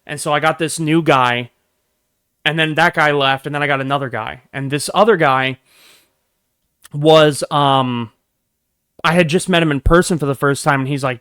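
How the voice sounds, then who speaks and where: A young man telling a workplace story in a casual, profane, animated rant, swinging between low mutters and loud bursts. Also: normal speed, long pauses, clean tone. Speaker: vlogger.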